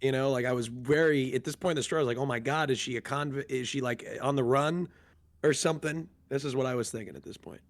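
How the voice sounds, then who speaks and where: Male co-streamer, mid-pitched, casual, cutting in with wry side comments. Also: quick pace. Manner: joking interjections from the side. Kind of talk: casual chat.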